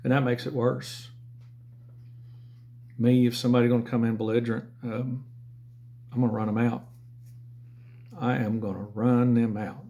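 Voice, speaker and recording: A man's voice: medium pitch, flat delivery, normal speed, gravelly, pauses often, dark tone. A middle-aged man with a Southern American accent, telling sales stories in a blunt, profane, rambling way. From Southern United States. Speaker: former car and motorcycle salesman. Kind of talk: casual storytelling monologue.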